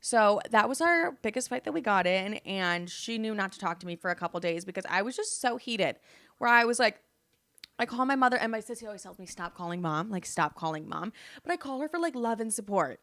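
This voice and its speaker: Bright-voiced, profane young woman. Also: medium pitch, brisk, no echo. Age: 20s. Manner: candid, profane, animated retelling. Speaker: podcast host. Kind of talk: casual storytelling chat.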